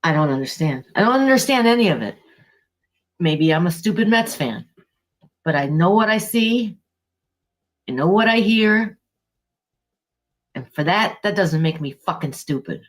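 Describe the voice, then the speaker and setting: Angry, profane woman with a lowish voice. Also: expressive, unhurried, long pauses. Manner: heated, exasperated and profane. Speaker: podcast co-host. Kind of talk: casual sports podcast rant.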